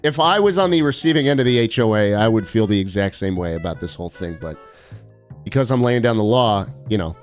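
A man's voice: on the low side, lively intonation, fairly quick, faint music behind. A young man live-streaming a game, joking and sarcastic as he reads out viewer postcards. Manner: sarcastic, joking, mock-arrogant.

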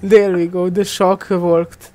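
A woman's voice: on the low side, flat delivery, slow, dark tone, a little hiss or hum. A young woman giving casual, chatty gameplay commentary, often giggling and teasing other players. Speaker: gamer.

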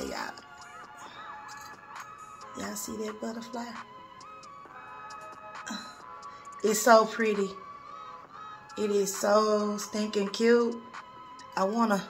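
A woman vlogging a nail haul from her bathroom vanity, chatty and gushing, often calling the viewers y'all. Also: medium pitch. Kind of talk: casual haul video chat. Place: home bathroom vanity, seated.

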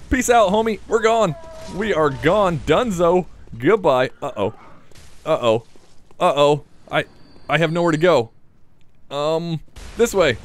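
Lively playful male gameplay commentator. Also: fairly high pitch, a little hiss or hum. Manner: playful, talks to enemies, swears casually. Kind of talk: let's play commentary.

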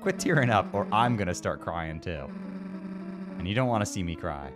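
A man's voice: deep voice, animated, normal speed, music in the background. A man voicing a brash, tough teenage girl friend in a game playthrough, talking in a blunt, teasing way. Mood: gruff comforting. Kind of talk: voice acting over a game playthrough.

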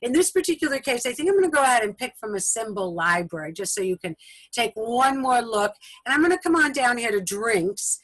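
A woman giving a patient step-by-step software tutorial over a video call, often repeating steps and checking in with her listeners. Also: medium pitch, no room sound, poor audio. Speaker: instructor. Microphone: video call recording.

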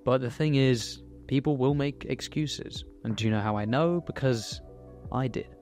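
A man's voice: mid-range voice, normal speed, a little mellow, soft background music. A young man, speaking candidly and earnestly in a personal motivational monologue, swearing now and then. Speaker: YouTuber.

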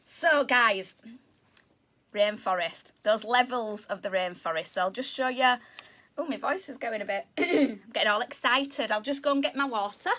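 In a bubbly online lesson for children, a zoo educator from Yorkshire chats away and regularly teases herself. She speaks at a moderate pace in a fairly high, fairly bright voice.

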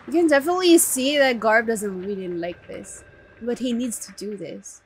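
A woman hosting an anime reaction video, exclaiming and shouting emotionally as she watches. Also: fairly high pitch, normal speed, a little hiss or hum. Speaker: anime reaction channel host. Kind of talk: live reaction to an anime episode.

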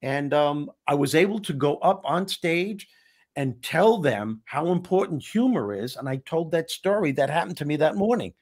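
Animated man telling a story. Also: fairly high pitch, normal speed, husky. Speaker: host. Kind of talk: casual storytelling chat.

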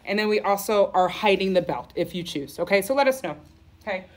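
A boutique owner sells clothes on a livestream from her store, her mid-range voice animated and brisk with a little hiss or hum. Her patter is sassy and campy, full of "okay?" and "honey".

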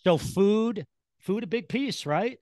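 Excitable man hosting a podcast. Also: sits high, slow pace, no echo, studio quality. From Chicago. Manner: excitable, effusive, laughs often. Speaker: podcast host. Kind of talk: enthusiastic interview chat.

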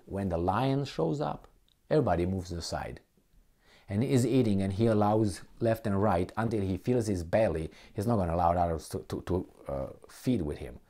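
Man, low voice, warm mellow tone, rambling rant, halting, heated bursts. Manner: heated, gets louder and higher when indignant; halting, hunts for words and restarts.

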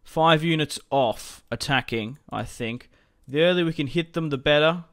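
Smooth-voiced young man narrating a strategy game. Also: fairly high pitch, moderate pace, fairly bright tone. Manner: chatty, rambling, laughs often. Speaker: gaming commentator. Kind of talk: casual strategy game commentary.

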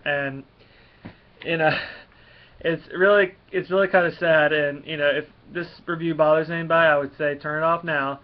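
A man giving a casual spoken review of a comic, rambling and halting with many fillers. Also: a little high, steady tone, highs cut off.

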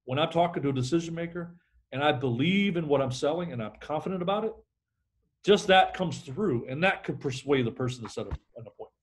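A man's voice: a little high, expressive, a little fast. A middle-aged man, a sales trainer, talking energetically in a podcast interview and acting out phone calls.

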